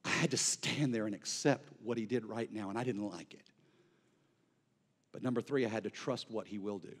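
A male pastor delivering an impassioned sermon, swinging between near-shouted peaks and hushed, quiet lows. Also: normal speed.

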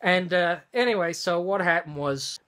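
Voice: medium pitch, moderate pace, fairly bright tone. A vlogger ranting to camera from a room at home, heated and swearing, often restarting sentences. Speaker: vlogger and wedding studio owner. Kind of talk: angry profane rant to camera.

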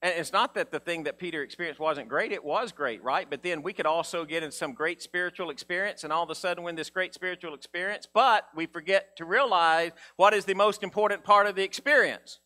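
A man preaching a sermon in a casual, conversational way, acting out Bible figures in a low mumble. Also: brisk, few pauses, pushed and bright. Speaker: pastor.

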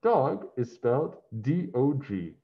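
Patient teacher lady read by a man, gentle, lively tone, lo-fi. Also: medium pitch, slow, vocal fry, pitched above the performer's own voice, heavily acted. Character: kind patient female schoolteacher. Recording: dull lo-fi sound.

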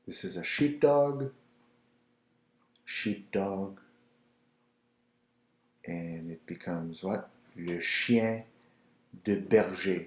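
A man giving a patient, slow pronunciation lesson, saying each word again and again for the listener to repeat. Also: low voice. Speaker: French language teacher. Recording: roomy echo.

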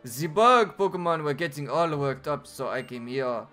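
Brief: showy male bug artist with a put-on French accent, read by a man, slow and theatrical. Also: on the high side, animated, bright, forceful tone, soft background music. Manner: theatrical, drawn-out delivery. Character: flamboyant male bug gym leader artist.

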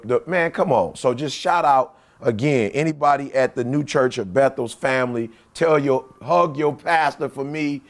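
A man co-hosting a podcast, excitable in casual chat with preacherly shout-outs. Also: medium pitch. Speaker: podcast co-host.

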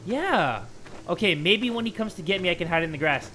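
A young man hosting video game commentary, excitable and joking, with loud outbursts. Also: sits high, a little fast, a little hiss or hum. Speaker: gaming channel host.

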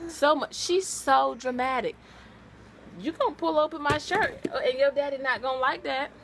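A spirited, dramatic woman vlogging at home, chatting casually and cooing softly to her babies. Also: sits high, moderate pace, background noise. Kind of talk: casual home vlog chat. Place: at home and out in the snow.

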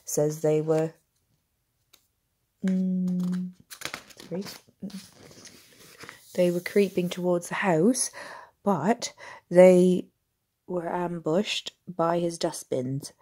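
A woman voicing a brisk, gruff wizard official. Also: fairly low pitch, fairly even intonation, dark tone. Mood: hurried. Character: gruff harried middle-aged wizard official, a talking head.

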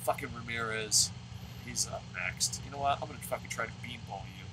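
A man in his thirties commentating his own video game play at home, excitable and swearing, shouting at the game between rambling talk about his goals. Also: medium pitch, fast talker, background noise. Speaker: gaming video host.

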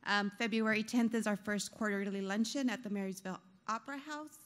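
A woman's voice: medium pitch, steady tone. A woman, chamber of commerce president, giving upbeat closing announcements at a business breakfast, a bit out of breath and full of fillers. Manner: upbeat, many fillers, rushing to wrap up. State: a little out of breath.

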